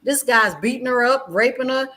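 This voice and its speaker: A middle-aged woman, a guest educator and former chaplain, telling stories in a passionate conversational way. She speaks insistently and repeats phrases, swinging between loud outbursts and low, quiet passages. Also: moderate pace. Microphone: video call.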